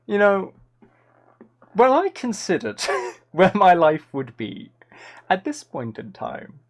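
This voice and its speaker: Guy streaming and rambling at chat, goofy and over the top, pitch jumping all over. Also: big pitch swings, takes it slowly, long pauses. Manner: playful, rambling, mock-dramatic. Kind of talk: casual live-stream chat.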